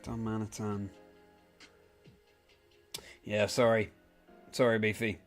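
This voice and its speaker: A man's voice: lowish voice, flat delivery, slow pace, soft background music. A man casually chatting on a live game stream, greeting viewers by name and answering their comments as he plays.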